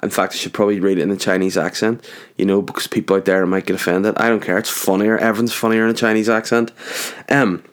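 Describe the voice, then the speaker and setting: A man's voice: lowish voice, flat delivery, fast. A young man hosting his own podcast from his garage, chatting in a jokey, rambling way and going off on tangents. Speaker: podcast host. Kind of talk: rambling solo podcast chat. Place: home garage.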